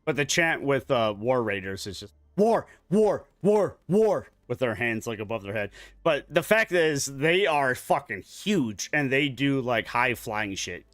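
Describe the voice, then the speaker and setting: A man's voice: medium pitch, lively intonation, unhurried, a bit bright, no echo. A man in his forties chatting casually while gaming online, telling a long, profane story from work in a rambling way. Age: 40s. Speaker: gaming streamer.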